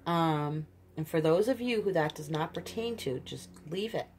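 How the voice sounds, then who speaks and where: A woman's voice: low-pitched, animated, normal speed, darkish tone, slight background noise. A woman giving an intuitive tarot reading to her viewers, earnest and emphatic, often stopping to search for words. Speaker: tarot reader.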